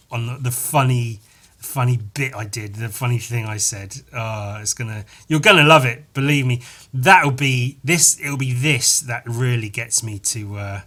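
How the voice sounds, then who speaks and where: A man with a bright, forceful voice and a middling pitch hosts his own comedy podcast. He rambles through a story, keeps backtracking and correcting himself, and tosses in crude asides along the way. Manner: meandering, self-correcting, crude jokes. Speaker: podcast host.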